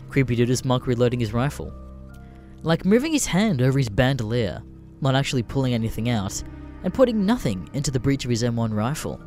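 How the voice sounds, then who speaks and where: A man's voice: mid-range voice, huge pitch swings, brisk, a little mellow, faint music behind. A man narrating a story in a casual, profane, wry way.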